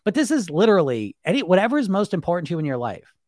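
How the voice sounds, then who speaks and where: A man coaching weight loss on a live stream, talking rapidly and bluntly, swearing casually and tagging his points with "right?" and "you know?". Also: sits high, very animated, darkish tone, no echo, studio quality. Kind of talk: live-stream monologue to viewers.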